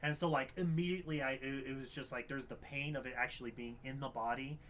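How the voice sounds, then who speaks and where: A young man co-hosting a podcast, chatting casually about a film, rambling with many restarts and sudden animated outbursts. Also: medium pitch, fast, a little hiss or hum. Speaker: podcast co-host. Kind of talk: casual film review chat.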